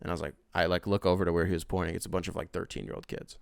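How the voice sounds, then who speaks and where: Casting note: young male host in his twenties, smooth clear voice, dry close sound, swears freely while rambling through a story. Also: low voice, racing, dry recording. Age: 20s. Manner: profane, rambling, animated retelling. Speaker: podcast host. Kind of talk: casual monologue storytelling.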